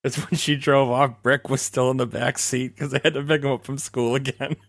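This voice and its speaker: A man's voice: medium pitch, level tone, fairly quick, a bit bright. A man co-hosting a podcast in casual chat, making dry, matter-of-fact jokes. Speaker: podcast co-host.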